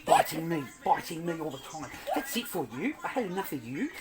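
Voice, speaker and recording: Playful dad, lively teasing voice. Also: male voice, a little fast, over loud music. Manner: playful teasing, with squeaky high put-on bursts. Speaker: father playing with his young child. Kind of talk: casual home video. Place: home garage.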